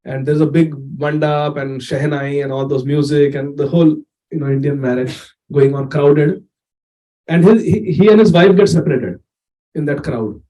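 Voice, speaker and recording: A man's voice: fairly high pitch, steady tone, normal speed, mellow. A man giving a storytelling sermon in a chatty way, laughing often and acting out the tale. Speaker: speaker giving a scripture discourse.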